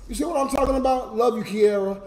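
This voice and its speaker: A man's voice: very high-pitched, fast, echoey room, a little hiss or hum. A drunk man crying and ranting on a livestream, swearing and talking straight to his viewers. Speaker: livestreamer and YouTube comedian. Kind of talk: emotional late-night livestream rant.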